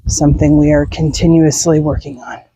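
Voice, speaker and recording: A woman's voice: sits low, level tone, moderate pace, dark tone, slight background noise. A middle-aged woman chatting casually while walking her dog outdoors at night, laughing and sighing often. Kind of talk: casual walk-and-talk chat.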